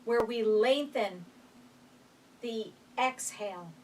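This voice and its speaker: A woman instructor calmly leading a guided chair breathing exercise, counting breaths aloud with gentle instructions. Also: on the high side, slow. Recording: voice picked up from a distance.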